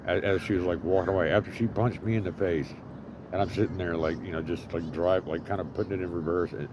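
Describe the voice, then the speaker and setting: A man with a fairly low voice tells a rambling story, swearing heavily and leaning on fillers. He is recorded outdoors in an urban spot, and loud traffic noise fills the background. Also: fairly even intonation, fast. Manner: profane, rambling, full of fillers. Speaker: vlogger living homeless.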